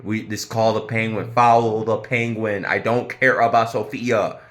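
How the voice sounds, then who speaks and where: In this casual, foul-mouthed review rant, a male TV critic vents his exasperation over an episode and chuckles at his own gags. His voice is lowish and fairly bright, delivered flatly at a normal speed.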